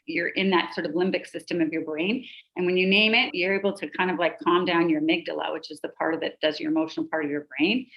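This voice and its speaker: Woman calmly explaining as a podcast guest. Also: lowish voice, quick pace, few pauses, highs cut off. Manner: lists examples in steady rhythmic runs. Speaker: pediatrician and life coach guest.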